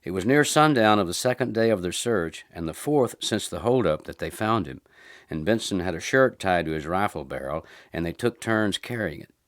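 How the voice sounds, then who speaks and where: A man narrating western short stories as an audiobook in an unhurried, low-key way. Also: expressive, no room sound, clean studio sound.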